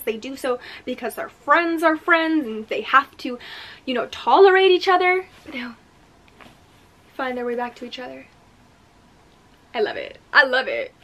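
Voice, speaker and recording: A woman's voice: high-pitched, a bit bright. A woman reviewing her favorite books in casual chat, gushing and effusive, dropping into dramatic whispers. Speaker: book reviewer.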